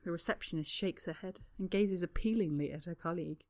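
Calm woman reading a story aloud. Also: on the low side, brisk. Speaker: narrator. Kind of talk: storybook reading of fan fiction.

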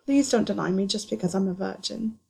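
Harry, a woman doing an eager breathy young wizard. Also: medium pitch, brisk, mellow.

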